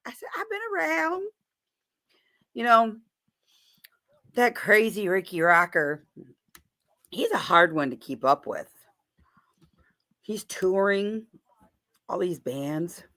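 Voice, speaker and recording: A woman's voice: on the low side, takes it slowly, long pauses, sharp tone. A woman hosting a live stream in a chatty, playful way, greeting viewers by name. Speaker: livestream host. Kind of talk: casual live-stream chat.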